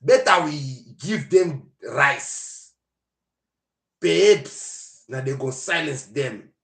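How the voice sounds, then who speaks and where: A man voicing a scheming male Nigerian official advising his president, using a put-on Nigerian accent and a slow, drawn-out, conspiratorial delivery. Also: fairly high pitch, expressive, vocal fry, fairly bright tone, full character voice. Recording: roomy echo.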